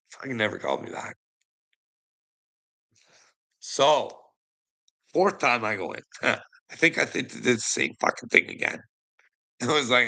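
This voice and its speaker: A man from Canada talking in a casual, rambling monologue, swearing often and trailing off quietly at the ends of phrases. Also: medium pitch, expressive, unhurried, creaky, pauses often, low-quality recording. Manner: rambling, heavy swearing, frequent "you know what I mean". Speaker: vlogger.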